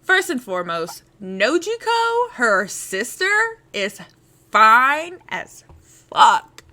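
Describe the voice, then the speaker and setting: Lively, bright-voiced woman co-host. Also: a little high, slow. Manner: animated, profane, laughs often. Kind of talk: casual chat.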